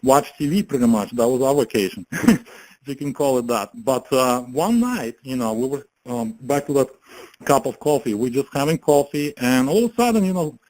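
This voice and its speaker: A man with an ordinary mid-range voice pitches network marketing in a loose, conversational way. He laughs often and keeps checking in with his listeners through tag questions and fillers. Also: lively intonation, normal speed, a little mellow, rough recording. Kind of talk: casual motivational pitch.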